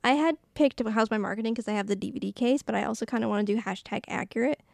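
A woman's voice: on the high side, fast, gravelly, darkish tone, dry recording, studio quality. A woman co-hosting a podcast, recapping a movie in casual chat and doing playful voices for the characters. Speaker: podcast co-host.

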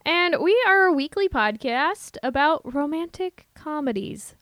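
A woman's voice: high voice, animated, a little slow, a bit bright, no echo. A woman with a Midwestern accent co-hosting a podcast in casual, bubbly chat. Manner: bubbly, giggly. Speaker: podcast co-host.

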